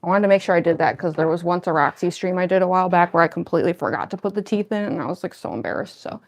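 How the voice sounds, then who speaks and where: A woman's voice: on the low side, rapid-fire. A young woman cosplayer chatting casually on a livestream while getting into costume, rambling with lots of fillers and a slight lisp from costume fangs. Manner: rambling, filler-heavy, self-deprecating.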